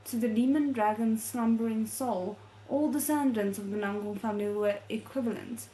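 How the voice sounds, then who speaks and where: A woman reading a novel aloud as a readalong host, soft and measured, breaking off to react with feeling. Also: fairly high pitch, slight background noise. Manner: emotionally invested, breaks off to react.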